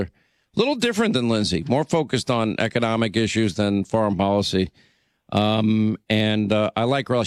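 A man hosting a national radio call-in show, talking briskly with frequent stammered restarts and friendly banter. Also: on the low side, dry recording, studio quality. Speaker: radio talk show host.

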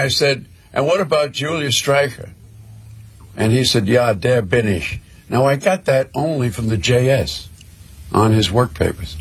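An older man telling a personal war story in a slow, measured way, with pauses. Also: mid-range voice, husky.

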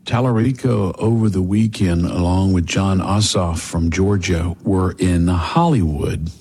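A man's voice: deep voice, measured pace, darkish tone, husky. A man hosting political talk, giving combative, sarcastic commentary.

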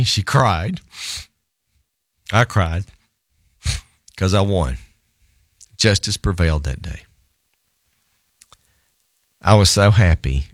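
A middle-aged man, a divorce lawyer, telling an animated anecdote in conversation, often laughing and repeating words. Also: sits low, no echo, studio quality. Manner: lively storyteller, laughs often, repeats himself.

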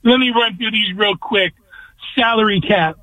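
A man's voice: sits high, moderate pace, no room sound. A male caller from California on a sports show, talking bluntly and emphatically in a rant. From Orange, California. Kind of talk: phone-in rant. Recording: tinny dry phone line.

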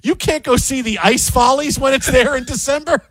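High-voiced man in rambling sports banter. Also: normal speed, dry recording. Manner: animated, rambling, emphatic with repeated phrases. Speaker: sports show co-host.

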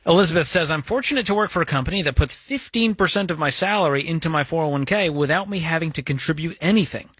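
Man, radio advice host, chatty, folksy, upbeat, fairly high, slightly husky, dry close sound. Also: fast, few pauses, fairly bright tone, no echo. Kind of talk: casual call-in advice chat.

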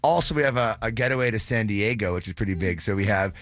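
A man's voice: lowish voice, quick pace, fairly bright tone, dry recording. Young man, eager rambling guest, dry close mic. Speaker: event organizer guest. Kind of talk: casual chat.

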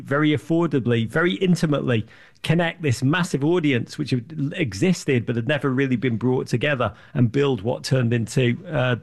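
A man, an interview guest, telling lively anecdotes with lots of restarts and fillers. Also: mid-range voice, vocal fry. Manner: enthusiastic storyteller, quick restarts and fillers. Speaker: interview guest, sports media founder. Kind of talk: animated anecdotal interview talk.

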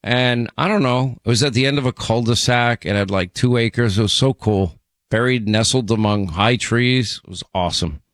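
A man's voice: medium pitch, normal speed, a bit bright, no room sound, studio quality. A man hosting a call-in radio show, chatting with callers and rambling through personal stories. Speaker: radio talk show host.

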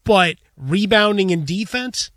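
A man's voice: sits high, lively intonation, measured pace, fairly bright tone, dry recording. A man co-hosting a sports radio show in a studio, chatting conversationally with dry quips.

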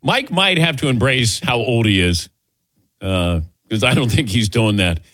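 Animated male sports radio host. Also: medium pitch, a little slow, no room sound. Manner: chatty, laughs easily, animated delivery. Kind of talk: casual sports talk.

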